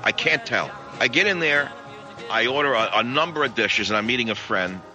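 A man hosting talk radio, telling a story in animated comic outrage. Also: mid-range voice, brisk, over music, poor audio.

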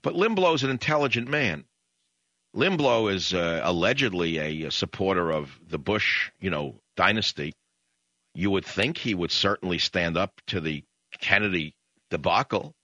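A man's voice: low voice, animated, normal speed, bright, forceful tone, dry recording, muffled recording. A man hosting a political talk radio show, combative and indignant, firing off rhetorical questions. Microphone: studio broadcast mic.

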